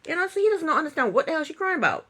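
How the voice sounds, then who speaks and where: A woman's voice: high-pitched, very animated, rapid-fire, sharp tone. A woman giving a casual, sarcastic recap of a reality show, laughing often. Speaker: TV recap youtuber.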